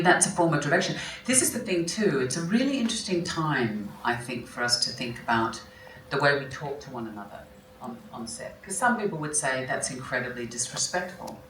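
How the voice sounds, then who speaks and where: Onstage as a guest at a festival talk in a large hall, a film actress gives reflective answers to interview questions and keeps restarting and fixing her sentences partway through. Her voice is low-pitched with a fairly bright tone, with slight background noise; the distant mic makes it roomy, with faint ambience.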